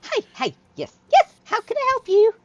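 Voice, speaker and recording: A woman voicing an excitable female gnome shopkeeper who fusses and repeats herself, on a slightly muffled recording with faint hiss. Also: very high-pitched, moderate pace, pitched above the performer's own voice, exaggerated voice. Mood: flustered eager. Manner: fussy, flustered, repeats herself.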